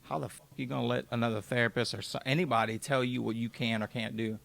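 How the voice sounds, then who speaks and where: A man's voice: medium pitch, fairly even intonation, quick pace, vocal fry, fairly bright tone. A man in his twenties, a podcast guest telling his personal story in a candid, raw way and swearing freely.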